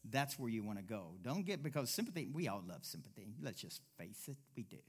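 A male pastor preaching a sermon, swinging from low, quiet asides to loud exclamations and mimicking whiny voices when he quotes people. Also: very animated, brisk, few pauses, slightly rough.

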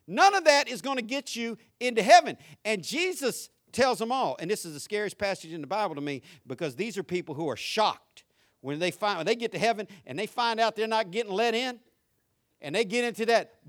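A man, preaching a sermon in a church, swinging from loud passion to hushed intimacy and telling folksy stories full of rhetorical questions. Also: high-pitched, expressive, a little fast. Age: 50s. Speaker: pastor.

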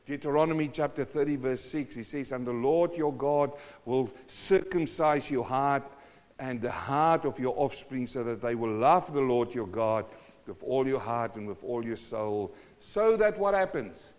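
A male preacher giving a sermon, swinging from hushed to loud and asking the congregation question after question. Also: mid-range voice, measured pace. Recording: long hall reverb.

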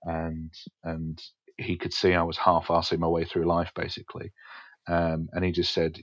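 An English man, a stand-up comedian, frankly recounting his teenage years in a podcast interview, swearing casually and pausing with fillers. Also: deep voice, monotone, dry recording. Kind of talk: candid interview storytelling. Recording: dull, dry podcast audio.

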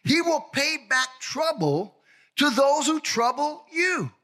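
A man preaching as a pastor, delivering a sermon with shouted emphasis and swings between high cries and low asides. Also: expressive, slow pace.

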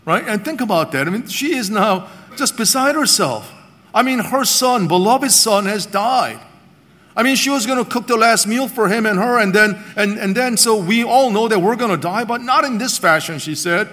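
A man preaching a sermon, retelling a Bible story with animated storytelling and voicing the characters. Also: high-pitched, normal speed. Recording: long hall reverb.

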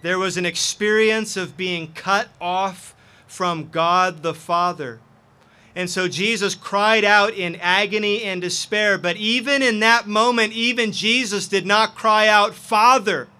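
High, bright-voiced preacher man. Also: fairly even intonation, a little slow, clean tone. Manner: impassioned, earnest preaching. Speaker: pastor. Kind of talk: sermon.

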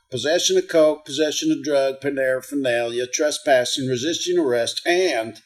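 Male comedy countdown host, slightly high voice, sarcastic and profane. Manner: sarcastic, mocking, profane asides. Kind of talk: comedic news commentary.

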